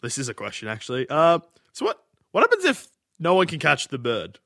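A man's voice: fairly high pitch, wildly swooping pitch, fairly quick, vocal fry, bright, forceful tone, dry recording, studio quality. A man in casual podcast banter on a mic, wry and questioning, swearing casually.

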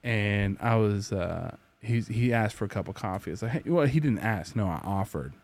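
A man hosting a casual whiskey podcast, telling stories with lots of swearing and animated energy. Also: fairly low pitch, moderate pace. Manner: profane, animated storyteller. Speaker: podcast host. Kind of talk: casual chat.

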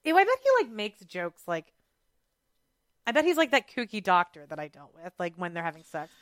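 A woman's voice: mid-range voice, huge pitch swings, fairly quick, fairly bright tone, no echo, clean studio sound. A woman co-hosting a podcast, crude, sarcastic and playful in casual chat about a reality show. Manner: crude, playful and sarcastic, doing silly voices. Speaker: podcast co-host.

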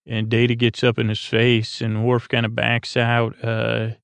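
A man hosting a podcast and giving a casual, halting recap full of fillers, meant to lull listeners to sleep. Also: completely flat delivery, vocal fry, clear, resonant tone, dry recording. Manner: halting, filler-heavy, low-key mumbling. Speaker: podcast host.

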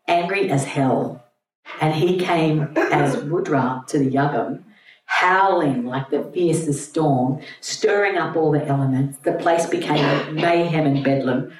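A woman teacher with a deep, darkish voice retells a myth to a group in a chatty, irreverent style, in a room with an audience. The recording is roomy, taken from a distant mic, with a faint hum.

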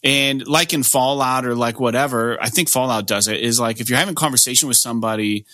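A man's voice: mid-range voice, fast, pushed and bright, dry recording. A man hosting a podcast in casual chat, rambling and cursing freely with lots of fillers. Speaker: podcast host.

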